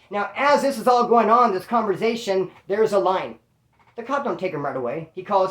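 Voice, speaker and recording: A man's voice: high voice, fairly quick. Slangy man telling a story, echoey room. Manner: slangy, animated, acts out quoted voices. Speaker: storyteller recounting prison life. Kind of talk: casual storytelling.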